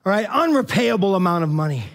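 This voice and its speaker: A man's voice: sits high, big pitch swings, fast talker. A man, a pastor, preaching a casual sermon and retelling scripture in loose, slangy, chatty language with many restarts.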